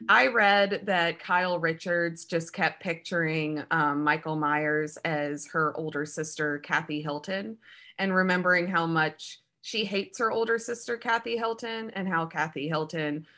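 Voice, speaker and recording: A woman co-hosting a podcast, riffing playfully and deadpan through a casual comedic film review. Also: fairly low pitch, measured pace. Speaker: podcast co-host.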